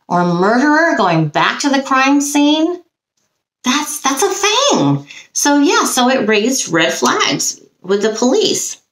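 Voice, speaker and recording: A woman's voice: medium pitch, a bit bright. A woman working as a psychic medium, reading case notes aloud and musing on them between frequent ums. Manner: halting, frequent ums, reads then muses aloud. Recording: roomy echo.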